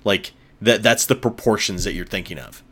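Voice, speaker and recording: Male film reviewer, lowish voice, frustrated ranting delivery, frequent swearing. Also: moderate pace, sharp tone. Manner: exasperated, ranting, swears often. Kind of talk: casual spoken movie review.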